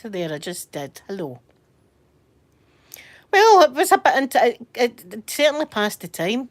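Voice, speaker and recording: A woman's voice: a little high, sing-song, unhurried, long pauses. A Scottish woman chatting casually from bed during a livestream, telling rambling stories and answering viewer comments. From Scotland. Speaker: livestream host. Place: in bed at home.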